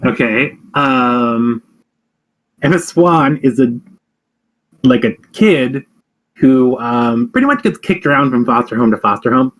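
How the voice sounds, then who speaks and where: A man in a relaxed co-hosted chat, talking in long, loose runs with frequent hesitations. His pitch is ordinary for a man. It sounds like easygoing talk between friends. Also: a little slow, long pauses, rough recording. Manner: rambling, hesitant, many ums and likes. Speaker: podcast co-host. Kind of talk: casual chat.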